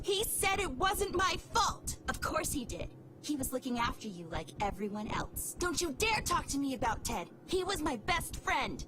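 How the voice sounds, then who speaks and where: A sharp-tongued young girl from a video game, her high voice leaping up and down as she snaps and taunts. Game music plays clearly behind her. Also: low-quality recording. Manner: sharp and bickering, swinging between taunting and shouting. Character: young girl quarrelling with her own cruel mirror self.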